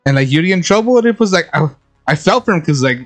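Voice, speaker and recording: A man's voice: high voice, expressive, quick pace, faint music behind. A man co-hosting a podcast in casual chat, swearing freely, laughing often and telling stories about family. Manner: crude, laughs a lot, tells anecdotes. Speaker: podcast co-host.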